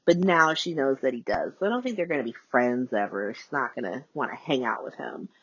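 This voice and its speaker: A woman hosting a casual solo podcast, recapping with chatty, profane asides and big swings in pitch, recorded as phone voice notes. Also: expressive, fairly quick, breathy edge, dry recording. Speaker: podcast host. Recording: dull lo-fi voice note.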